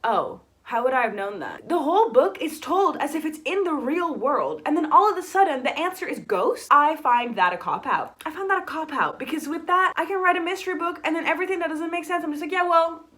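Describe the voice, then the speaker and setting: A young American woman chatting casually about books in a vlog, animated and talkative, ranting with lots of "like" fillers. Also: high voice, fairly quick, hardly any pauses. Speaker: book vlogger. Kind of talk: casual book review chat.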